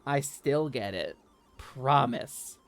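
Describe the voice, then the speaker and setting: A woman's voice: rumbling low, expressive, takes it slowly, gravelly, faint music behind. A woman in her thirties streaming and chatting candidly with her audience through a voice changer, hesitant and earnest with frequent restarts. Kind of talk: casual livestream chat, reading chat aloud.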